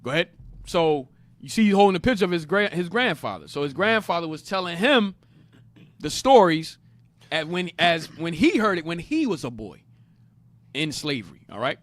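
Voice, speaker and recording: This is a man teaching a Bible class with a high, animated voice that jumps all over its range. He explains each passage, repeats his main points with emphasis, and keeps cueing his reader. The recording is dry and close, with no room sound. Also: normal speed, no room sound. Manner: emphatic, repeats key phrases. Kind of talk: interactive Bible lesson.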